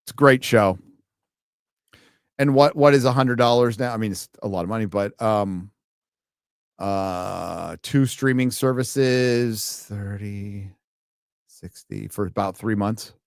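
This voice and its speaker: A man's voice: lowish voice, slow pace, creaky, long pauses, dry recording, studio quality. A man hosting a live stream, ranting in sarcastic, profane, combative commentary.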